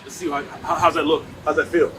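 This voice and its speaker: A rude and eccentric director, played by a man in a comedy sketch, barking quick orders. His voice sits a bit high and his words come fast. Steady noise runs behind him. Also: lightly acted, poor audio. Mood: absurd directing. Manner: bossy, abrupt, barking orders.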